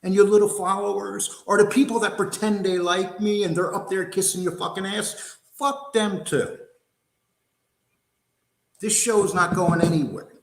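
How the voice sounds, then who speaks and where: A man's voice: high voice, fairly even intonation, unhurried, gravelly. An older man hosting a livestream, ranting angrily in a profane, combative, mocking way. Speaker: host. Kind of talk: angry livestream rant. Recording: roomy echo.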